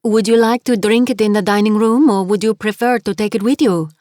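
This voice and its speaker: A woman's voice: medium pitch, brisk, dry recording, studio quality, voice pushed up, lightly acted. A woman voicing a cheerful, motherly French guest house owner who speaks English with a heavy French accent. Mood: kindly. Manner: warm, fussing, heavily accented English.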